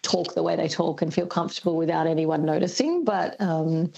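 An Australian woman, a linguist guest, explaining things thoughtfully on a radio interview, pausing often with ums. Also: low voice, vocal fry, mellow, slightly rough, low-quality recording. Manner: thoughtful, hesitant with many ums.

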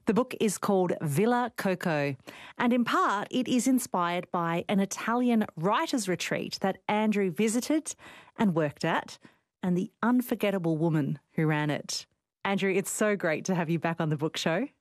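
A woman hosting a radio book show, interviewing an author with bright enthusiasm. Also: mid-range voice, moderate pace, no echo, clean studio sound.

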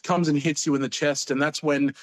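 Animated storytelling male comedian. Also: fairly high pitch, fairly quick. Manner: animated, acts out quoted voices. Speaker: stand-up comedian guest. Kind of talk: casual storytelling interview.

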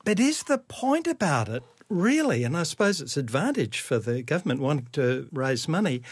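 A man hosting a radio interview, asking questions in a measured way. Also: mid-range voice, slightly rough, dry recording, clean studio sound. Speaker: radio host.

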